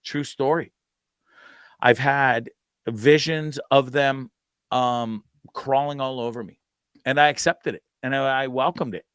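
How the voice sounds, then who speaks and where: A male host spins a loose, profane story, tripping over restarts as he goes. His voice is smooth and clear, recorded close and dry. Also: medium pitch, fairly even intonation, unhurried, fairly bright tone, no echo. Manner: rambling, profane, stammering restarts. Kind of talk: casual storytelling.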